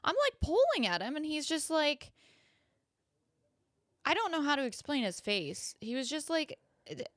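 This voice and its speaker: A woman's voice: sits high, moderate pace, long pauses, no echo. Young woman telling stories, dry sound. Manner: animated storyteller, acts out quotes, swears freely. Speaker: podcast co-host. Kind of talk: casual chat.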